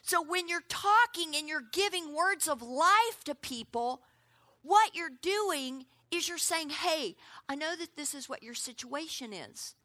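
A middle-aged woman preaching a sermon in an animated way, often calling out to her listeners. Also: sits high, unhurried, dry recording. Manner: animated, calls out "come on" to the crowd.

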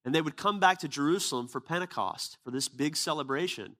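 A man preaching a sermon speaks with a high, expressive, somewhat bright voice at a brisk pace. He casually retells a personal story in conversational style with quoted dialogue, then presses his point earnestly.

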